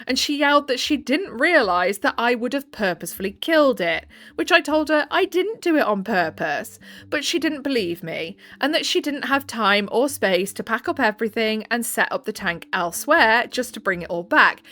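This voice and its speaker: Bright-voiced woman reading posts. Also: fairly high pitch, very animated, normal speed. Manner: chatty, exasperated asides between readings. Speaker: narrator reading online posts. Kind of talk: casual storytelling with commentary.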